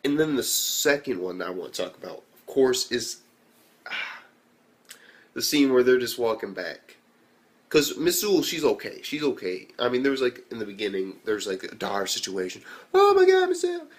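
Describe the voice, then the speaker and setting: Animated young man reviewing anime. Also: medium pitch, moderate pace. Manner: animated, swears a lot, acts out quotes.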